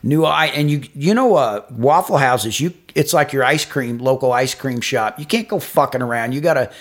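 A man, co-hosting a casual podcast and telling profane, animated stories. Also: medium pitch, moderate pace. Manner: profane, animated storyteller who acts out shouted quotes. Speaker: podcast co-host. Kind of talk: casual storytelling chat.

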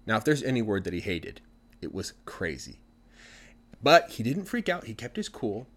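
A man retelling a story for language learners in an animated, conversational way. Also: fairly low pitch, moderate pace, slightly rough.

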